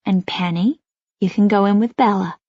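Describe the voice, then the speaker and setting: A woman's voice: mid-range voice, moderate pace, breathy edge, no echo, lo-fi sound, lightly acted. A woman doing a hearty, welcoming grandmother. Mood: practical. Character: warm, welcoming grandmother hostess.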